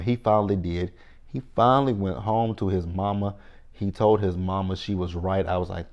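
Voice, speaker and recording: A man with a lowish voice recaps a TV episode in a loose, casual way. He talks animatedly, curses freely and keeps breaking into mocking asides. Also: dull audio. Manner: animated, profane, quick to mock in exaggerated reactions. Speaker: TV recap host.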